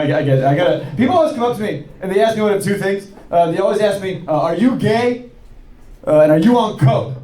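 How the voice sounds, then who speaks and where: A man performs stand-up on a club stage, his voice pitched high and swinging widely as he runs through self-deprecating bits. The room is echoey and there is clear noise all around him. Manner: self-deprecating, quick asides, acts out quoted voices. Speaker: stand-up comedian. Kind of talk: stand-up comedy set. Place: comedy club stage before a laughing audience.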